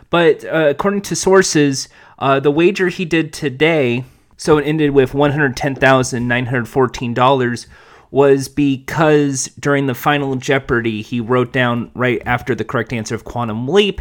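A man hosting a podcast, talking quickly and wryly about the news with a self-mocking humor. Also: medium pitch, fairly bright tone. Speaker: podcast host. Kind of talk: casual podcast commentary.

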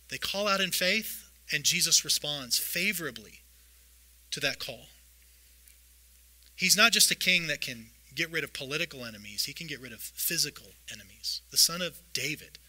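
A man preaching a sermon, reading scripture aloud and retelling the stories in a lively way. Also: a little high, poor audio. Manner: lively storytelling, reads scripture aloud with voiced asides. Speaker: pastor.

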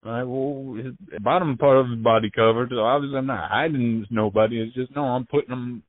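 A man telling his story in casual, profane slang, halting and restarting often. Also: mid-range voice, steady tone, slight background noise. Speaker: interviewee. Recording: tinny phone line.

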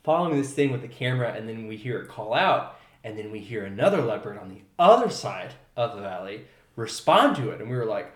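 Animated male storyteller in an echoey room. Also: lowish voice, brisk. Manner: animated storyteller, fillers, trails off quietly. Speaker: podcast guest. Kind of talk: storytelling in casual chat.

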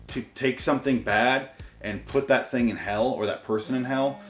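A man's voice: fairly low pitch, fast talker, echoey room, faint music behind. A man ranting to his camera in a solo vlog, profane and exasperated. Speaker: vlogger. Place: room recorded on camera and portable recorder.

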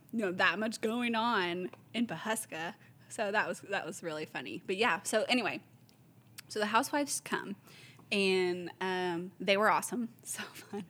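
A woman, a store owner casually telling lively stories, acting out the voices of the people she quotes. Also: medium pitch, normal speed. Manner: animated storyteller, acts out quoted voices, laughs often. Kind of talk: casual chat.

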